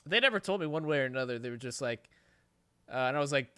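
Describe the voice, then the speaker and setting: A podcast host with a medium-pitched, clean voice and no echo talks fast as he tells a long story casually. He swears constantly and wanders into rambling asides, keeping the storytelling profane and animated.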